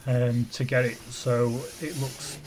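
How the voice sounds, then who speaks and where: A man narrating his own car bodywork video as a voice-over, in a nervous, monotone way with frequent ums. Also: mid-range voice, slow, background noise. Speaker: car body repairer.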